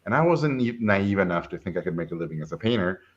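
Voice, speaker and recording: Animated middle-aged man telling stories. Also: low-pitched, fast talker, highs cut off. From Mexico. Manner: animated, acts out quoted voices. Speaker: film director guest. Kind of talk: casual storytelling chat.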